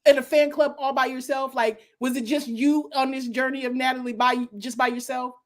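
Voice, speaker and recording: A woman hosting a live stream interview, enthusiastic and quick to react. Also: sits high, flat delivery. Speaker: host.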